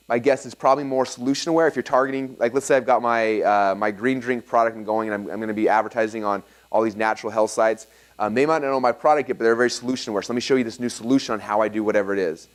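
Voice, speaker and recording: A man speaks quickly to a live seminar room, his pitch sitting in an ordinary middle register. He teaches through energetic stories, tripping over restarts and filling gaps with "um" and "like" as he goes. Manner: energetic storytelling with many fillers and restarts.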